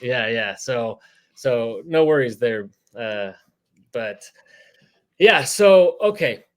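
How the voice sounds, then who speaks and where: A man hosting a casual sports interview podcast, talking in a relaxed, rambling way with lots of fillers. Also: mid-range voice, slow pace. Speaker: podcast host.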